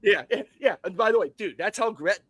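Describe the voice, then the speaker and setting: A man's voice: sits high, lively intonation, brisk, no echo. A man co-hosting a movie podcast, talking loosely with laughs and plenty of swearing. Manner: loud, laughing, swears a lot. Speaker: podcast co-host. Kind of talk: casual movie chat.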